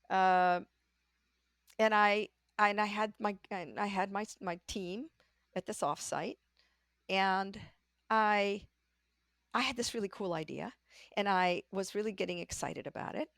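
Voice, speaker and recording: An older woman, a podcast guest, telling candid stories about her career in a lively way and acting out the voices she quotes. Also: mid-range voice, creaky, no room sound, studio quality. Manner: lively storyteller who acts out quoted voices. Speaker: podcast guest, leadership coach. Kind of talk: candid conversational storytelling.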